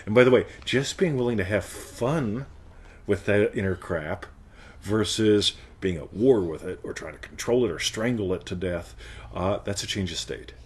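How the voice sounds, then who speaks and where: His voice is fairly low with a breathy edge, moving at a moderate pace. As host of a live Q&A, he chats playfully about coaching topics, laughs often, tags his points with "right?", and slips into silly character voices.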